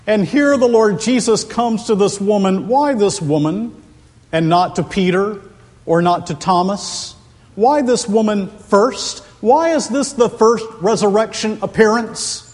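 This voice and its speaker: A man preaching an expository sermon, slow and deliberate, building to impassioned emphasis, in a large church. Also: high voice, darkish tone. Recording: long hall reverb.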